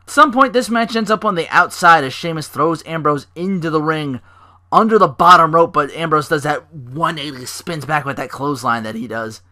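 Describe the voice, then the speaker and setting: A man hosting a casual podcast, recapping wrestling shows and acting out the wrestlers' lines in raised, louder voices. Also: fairly high pitch, normal speed. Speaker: podcast host.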